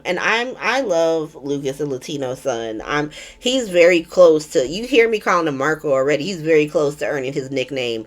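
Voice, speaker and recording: A chatty woman hosting a casual recap vlog in an irreverent, swearing-prone way. Her voice is lowish for a woman and very animated, full of rises and falls. She peppers her talk with ums. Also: moderate pace, few pauses. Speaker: soap opera recap vlogger.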